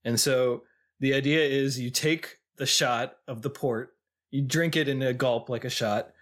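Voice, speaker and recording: A man's voice: medium pitch, steady tone, a little slow, fairly bright tone. A man co-hosting a podcast in casual chat, thoughtful and a bit hesitant, with restarts. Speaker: podcast co-host.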